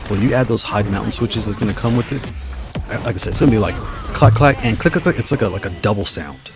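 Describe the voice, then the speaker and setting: A man giving excited, trash-talking play-by-play of his own fighting game matches. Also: lowish voice, quick pace. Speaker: gaming channel host. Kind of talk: live gameplay commentary. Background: fighting game music and sounds.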